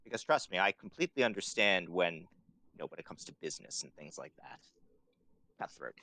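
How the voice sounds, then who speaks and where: Tabletop player, male, very low voice; polite and hedging. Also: lively intonation, fairly quick, pushed and bright. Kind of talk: playing a tabletop game.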